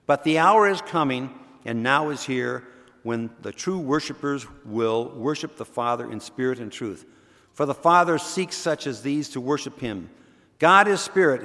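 A man reading a gospel passage aloud in a measured, deliberate way during a church service. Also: medium pitch, fairly bright tone, in a large hall. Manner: measured, slow emphatic reading. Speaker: scripture reader.

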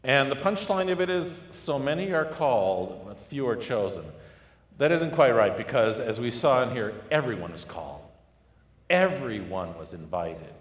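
A man preaching a sermon, telling a parable with lively storytelling and acted-out voices. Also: mid-range voice, moderate pace. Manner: animated storytelling, acting out voices. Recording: echoey hall with long reverb.

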